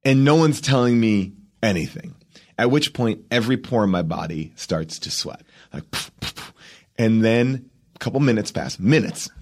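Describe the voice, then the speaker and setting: Low-voiced man telling a story. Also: animated, darkish tone. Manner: acts out quotes, rapid restarts. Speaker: guest. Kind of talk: animated storytelling.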